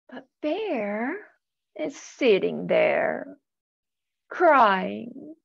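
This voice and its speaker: Woman storytime reader, very expressive, unhurried, gravelly voice. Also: fairly high pitch, dull audio. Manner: animated, gasps, asks listeners questions. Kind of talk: reading a picture book aloud to children.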